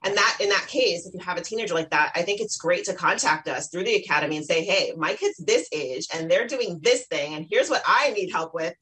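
A woman's voice: on the low side, a little fast, few pauses, husky, low-quality recording. A mother interviewed as an expert on children's self-esteem, talking casually and acting out little scenes with her kids. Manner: lively, warm, plugs her online academy, acts out quotes.

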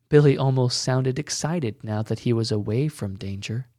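A man reading a story aloud as scripted narration, with a measured, even delivery. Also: medium pitch, dry recording, studio quality.

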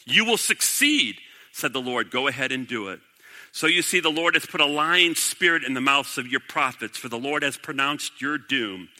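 A man's voice: medium pitch, moderate pace, pushed and bright, in a large hall. A man preaching a sermon, reading scripture aloud and breaking off to comment, rising to emphatic declarations. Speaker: pastor.

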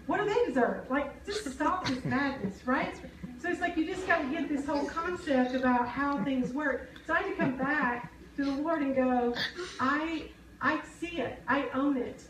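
A woman's voice: high voice, normal speed, noisy background. A woman preaching a sermon, earnest and conversational, often asking the congregation questions. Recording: echoey hall, mic at a distance.

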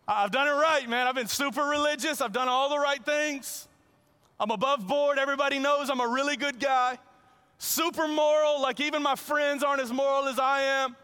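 A man's voice: very high voice, steady tone, moderate pace, pushed and bright, pitched above the performer's own voice. A man playing a bragging rich young man. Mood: boastful. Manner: whiny, bragging, pleading. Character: boastful self-righteous rich young man. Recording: long reverb in a large hall.

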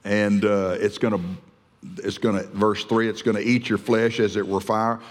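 A man's voice: lowish voice, level tone, moderate pace. A man preaching a fervent, emphatic sermon, often restarting his phrases. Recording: long hall reverb.

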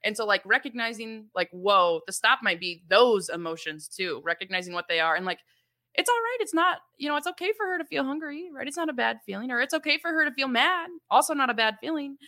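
Bright-voiced chatty woman podcaster. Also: fairly high pitch, expressive, fairly quick. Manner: chatty, laughs often, many fillers. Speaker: podcast co-host. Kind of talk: casual conversational explaining.

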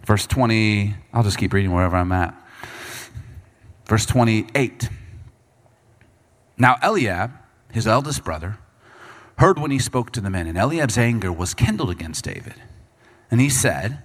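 A man preaching a sermon, reading scripture and breaking into quick acted asides as the people he talks about. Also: on the low side. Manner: animated preaching, voices Bible figures and people in quick asides. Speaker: pastor.

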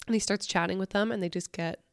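A woman's voice: mid-range voice, steady tone, quick pace, dry recording, studio quality. A woman co-hosting a podcast, casually retelling a creepy story with loose phrasing full of likes and I don't knows. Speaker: podcast co-host. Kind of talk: casual chat.

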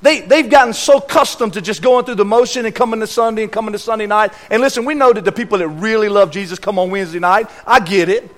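A man delivers a church sermon in a notably high voice. He hammers key words with repetition and shifts between loud, stressed lines and hushed asides to the congregation. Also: fast talker, few pauses. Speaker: guest preacher. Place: church sanctuary.

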